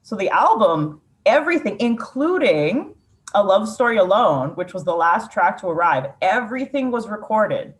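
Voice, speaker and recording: A woman's voice: medium pitch, sing-song, normal speed. A woman poet from Ukraine, telling a candid, reflective story in a casual interview, with frequent "like" fillers.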